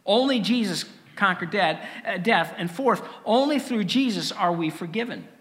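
A man preaching a sermon with earnest rhetorical questions and dramatic pauses. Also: high voice, lively intonation, a bit bright, in a large hall. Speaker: pastor.

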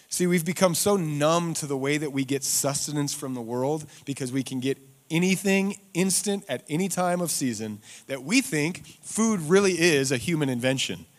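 A pastor preaching a sermon in church, swinging from loud rhetorical questions to hushed, slowed emphasis. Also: male voice, fairly high pitch.

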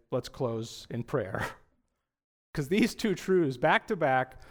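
A young male pastor preaching in a relaxed, conversational style, throwing out rhetorical questions as he goes. His voice sits high for a man and moves through a wide, lively range. He mixes casual asides with scripture. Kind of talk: sermon.

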